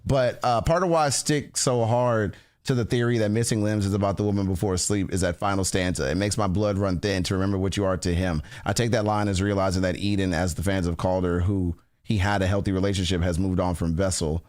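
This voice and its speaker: A man's voice: low voice, a little fast. A man chatting casually on a livestream, reacting to music with slangy talk and frequent laughter. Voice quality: animated, laughs often, slangy.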